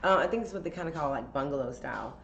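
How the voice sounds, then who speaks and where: A woman with a low voice spins a casual storytime for a podcast. She talks in a chatty, candid way, full of fillers and swearing. The sound is roomy and a bit dull, with faint hiss behind her. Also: lively intonation, racing, vocal fry, a bit bright. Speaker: podcast host telling a story.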